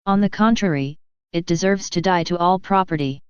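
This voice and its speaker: A woman reading as a solemn, gentle Jesus. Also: lowish voice, clear, resonant tone, dry recording, highs cut off, natural voice. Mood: tender, solemn. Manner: solemn, measured reading of devotional speech. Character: Jesus, a gentle, earnest divine man. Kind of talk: devotional book reading.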